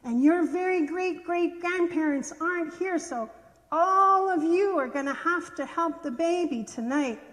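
A woman reading a brave little pig, high-pitched. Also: measured pace, a bit bright, big-room sound. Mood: urgent.

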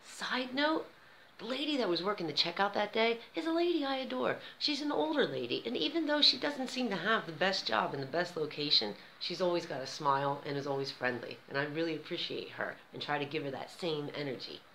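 American woman, storytelling vlog, animated delivery, echoey room, faint background hiss. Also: on the low side, fairly quick. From United States. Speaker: vlogger.

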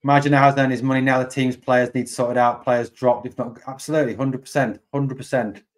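A man's voice: medium pitch, flat delivery, brisk. A man hosting a live fan stream, reacting to a match result. He sounds angry and deflated, repeats himself and swears a lot. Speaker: fan channel host.

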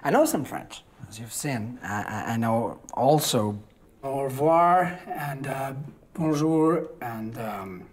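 A man's voice: medium pitch, expressive, takes it slowly, a little hiss or hum. An actor playing an awkward man stuck in a lift who fills the silence with rambling, nervous chatter. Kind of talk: film drama acting.

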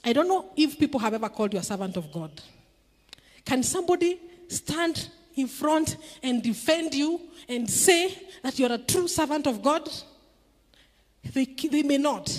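A woman's voice: sits high, big pitch swings, normal speed, big-room sound. A middle-aged woman from Kenya preaching a sermon in a church, emphatic and asking the congregation questions. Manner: emphatic, call-and-response questions.

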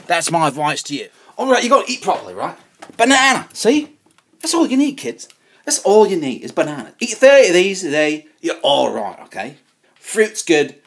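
A man's voice: high voice, fairly bright tone, slight background noise, exaggerated voice. A man playing a rambling, preachy vegan kids TV host who talks down to children and repeats his words, with music underneath. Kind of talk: comedic kids-show parody.

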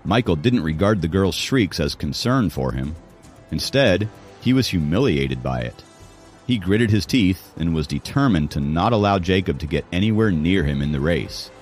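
Deep-voiced male audiobook narrator. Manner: dramatic storytelling. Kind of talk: scripted narration.

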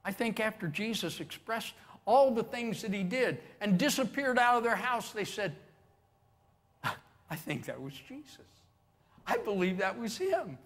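A man's voice: high voice, big pitch swings, unhurried, a bit bright. A man preaching a sermon as pastor, telling stories animatedly and acting out the quotes with chuckles. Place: church sanctuary with long reverb.

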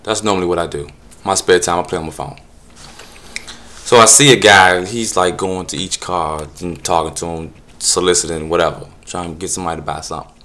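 A man's voice: deep voice, steady tone, brisk, pushed and bright. A man telling a comic story in an exasperated, slangy rant. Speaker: comedic storyteller. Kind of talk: casual comedic rant.

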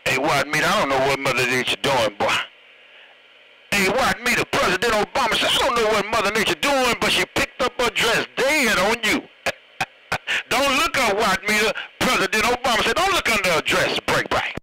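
A man's voice: sits high, expressive, normal speed, crowd noise, low-quality recording. A man teasing and joking over a CB radio, signing off his turns with radio lingo. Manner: joking, teasing, signs off with "break, break". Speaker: CB radio operator. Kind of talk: CB radio chatter.

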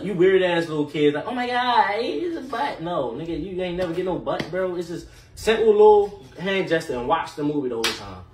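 A man telling a casual storytime in an animated, slangy way full of fillers and profanity. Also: on the high side. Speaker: storyteller vlogger. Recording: echoey room, mic at a distance, faint noise.

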